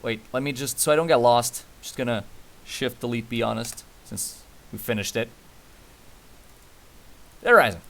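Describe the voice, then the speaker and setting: A man commentating his live game stream, excitable and profane, breaking into loud yells. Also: mid-range voice, normal speed, vocal fry, long pauses.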